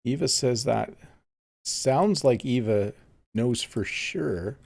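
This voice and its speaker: A man's voice: mid-range voice, expressive, slow, vocal fry, darkish tone, breathy edge. A man teaching English on a casual live stream, chatting easily and reading viewer comments aloud while he plays a game. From Canada.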